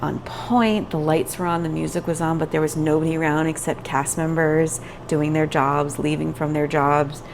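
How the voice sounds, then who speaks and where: A woman's voice: low voice, a little hiss or hum. A woman vlogging candidly to camera, venting her frustration frankly while nursing a migraine. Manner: frank, venting, self-reflective. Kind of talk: candid talking-to-camera vlog.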